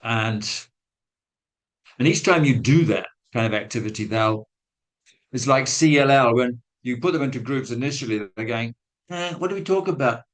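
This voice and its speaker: This rough recording captures a man of mid-range pitch talking at a normal speed to teachers in a webinar. He's a guest speaker on language teaching, telling a classroom story in a conversational, self-mocking way and voicing the quotes.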